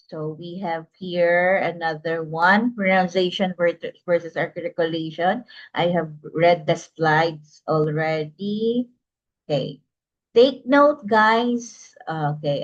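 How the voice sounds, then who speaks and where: A woman lecturing an online class, often checking in with "okay?" and calling the students "guys". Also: medium pitch. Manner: tags most phrases with "okay?", addresses students as "guys". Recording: dull lo-fi recording.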